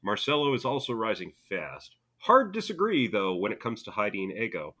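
Bright, lively deadpan man. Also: on the low side, normal speed. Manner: dry, deadpan teasing. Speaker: podcast co-host reading listener comments. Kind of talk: casual chat.

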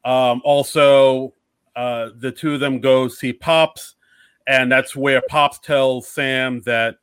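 A man co-hosting a casual movie podcast, recapping the story in a relaxed way. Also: mid-range voice, slow pace, clear, resonant tone, no echo. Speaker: podcast co-host.

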